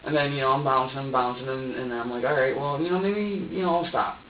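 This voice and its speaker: A man's voice: medium pitch, quick pace. A man talks through a long, rambling account, swearing freely, stumbling over restarts and voicing his own past thoughts. He sits well back from the microphone in a bare interrogation room, so he sounds distant and reverberant, with a dull, muffled tone. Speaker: suspect being questioned.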